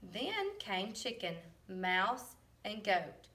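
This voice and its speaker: Woman reading a picture book aloud, slow and distant. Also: mid-range voice. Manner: animated character voices for the animals. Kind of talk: read-aloud storybook with questions.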